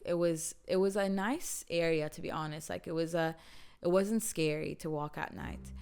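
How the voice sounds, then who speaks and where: A woman's voice: deep voice, darkish tone. Chatty young woman. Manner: chatty, mixes English with Gulf Arabic, laughs often. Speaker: podcast host. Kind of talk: casual storytelling.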